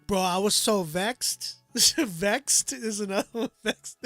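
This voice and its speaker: A man's voice: high-pitched, slow, a bit bright, no echo, soft background music. Laid-back man reviewing songs on stream. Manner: loose, laughing, slangy, trails off with "like". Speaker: live-stream music reviewer. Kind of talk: casual live-stream chat.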